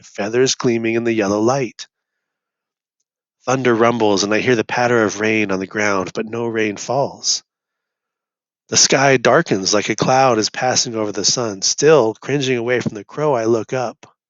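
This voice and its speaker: A young man reading a novel chapter aloud in first person, his steady narration turning urgent in the tense passages. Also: medium pitch, dry recording. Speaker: reader. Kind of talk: audiobook reading. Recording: dull lo-fi dry recording.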